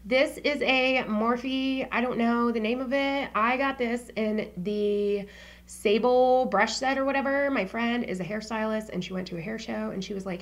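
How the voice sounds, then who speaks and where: A woman's voice: a little high, normal speed. A woman vlogging about her favorite beauty products in a casual, slangy chat, swearing freely and dropping into whispers for asides.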